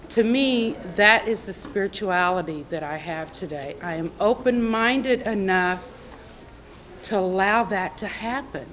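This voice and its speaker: A woman's voice: on the low side, fairly bright tone, a little hiss or hum, poor audio. A middle-aged woman giving a personal recovery testimony as a convention speaker, heartfelt and conversational, with many fillers. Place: convention meeting room.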